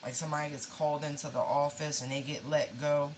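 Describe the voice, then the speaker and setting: A woman's voice: sits low, flat delivery, brisk, a little mellow, slight background noise, rough recording. A woman giving a casual tarot reading, emotional and pleading, swearing freely and calling her listeners y'all. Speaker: tarot reader.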